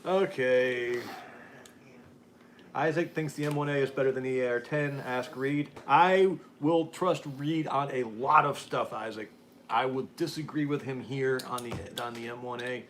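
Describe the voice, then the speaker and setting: A man's voice: mid-range voice, a little slow, slight background noise. An American man hosting a casual live-stream chat, reading viewer comments aloud and laughing often. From United States. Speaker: podcast host.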